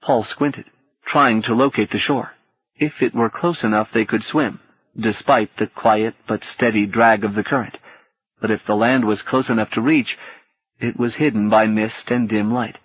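A man narrating an audiobook in a calm, steady reading manner. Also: on the low side, normal speed, breathy edge, no room sound. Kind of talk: scripted narration. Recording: dull, dry cassette audiobook.

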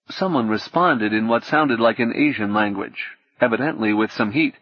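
Husky male audiobook narrator. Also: mid-range voice, moderate pace, hardly any pauses, no room sound, highs cut off. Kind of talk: scripted narration.

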